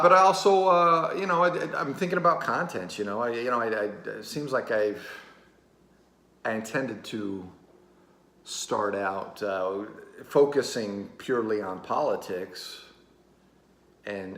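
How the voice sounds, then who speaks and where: Channel host, a low-pitched man rambling casually to camera with constant fillers, recorded in a reverberant room. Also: bright, forceful tone. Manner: rambling, halting, fills every pause with "you know" and "uh". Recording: roomy echo.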